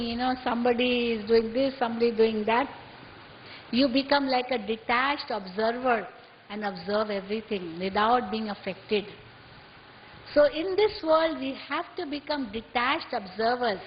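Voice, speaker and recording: A woman gives a measured spiritual talk. Her voice sits high, and she keeps asking her listeners rhetorical questions. The recording is muffled, with a long hall echo and a light hiss. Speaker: spiritual teacher.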